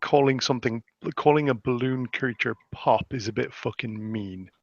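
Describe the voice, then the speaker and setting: A man's voice: mid-range voice, moderate pace, no echo. A man in a casual group chat who talks bluntly and swears freely. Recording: dull, lo-fi mic.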